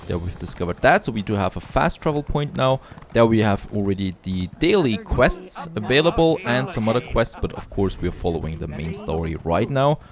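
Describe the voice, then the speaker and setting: A man's voice: fairly low pitch, expressive, normal speed. A man giving casual, upbeat commentary as he plays a video game, often admiring the scenery aloud. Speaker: let's play host.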